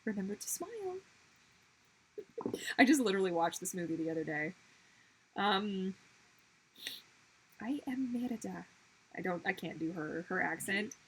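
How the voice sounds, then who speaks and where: A woman's voice: fairly low pitch, animated, normal speed, long pauses, a bit bright, breathy edge, rough recording. A woman chatting casually to viewers while drawing on a livestream, chatty and exclamatory. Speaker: livestreaming artist.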